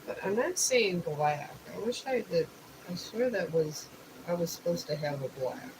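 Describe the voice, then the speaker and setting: Steady background noise sits under this live stream, where someone fresh out of bed paints, thinks aloud, and explains each art supply in turn. The voice has medium pitch and a moderate pace.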